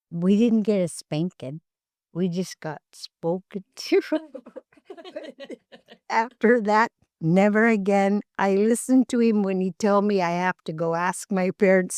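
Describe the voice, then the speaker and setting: An older woman from Alaska, an elder telling family stories in an interview, slow and gentle, acting out the dialogue. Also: medium pitch, no echo, studio quality. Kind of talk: storytelling in an interview.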